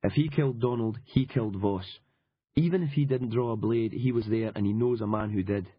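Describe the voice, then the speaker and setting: A man with a husky voice playing a cynical, wry male reporter who swears freely and talks with dry determination. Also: lowish voice, brisk, no echo. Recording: dull lo-fi audiobook recording.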